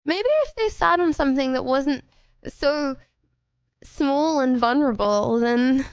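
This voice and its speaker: Woman streamer, high and dry close-mic sound, teasing casual banter. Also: measured pace, dry recording. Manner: playful, teasing, laughs mid-sentence. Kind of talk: casual live-stream chat.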